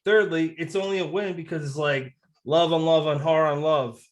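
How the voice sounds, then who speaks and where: A man's voice: a little high, steady tone, brisk. A man co-hosting a podcast, asking questions with enthusiastic, joking energy and casual swearing. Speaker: podcast co-host.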